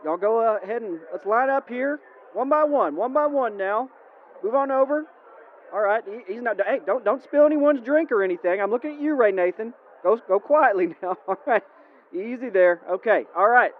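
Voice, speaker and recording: A man's voice: very high-pitched, lively intonation, moderate pace. A man hosting a comedic live Q&A, folksy and drawling as he wrangles the crowd. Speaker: emcee host. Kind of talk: comedic live-show emcee. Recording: lo-fi phone-like audio with faint hiss.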